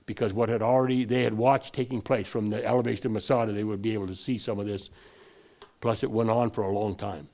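A man's voice: on the low side, steady tone, fast, vocal fry, darkish tone. A man preaching a sermon, wandering and restarting his sentences, then pushing his voice up hard on the points he wants to land. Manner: digressive, frequent restarts, rising emphasis on key points.

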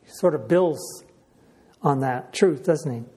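This man preaches in a warm, somewhat high voice, keeping his delivery measured. He emphasizes ideas by repeating phrases and pauses often to clear his throat.

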